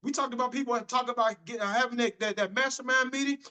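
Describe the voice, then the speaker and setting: High, bright-voiced man giving a pep talk. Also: steady tone, quick pace, poor audio. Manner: repetitive, emphatic, restarts phrases. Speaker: business motivational speaker. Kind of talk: motivational talk to a group.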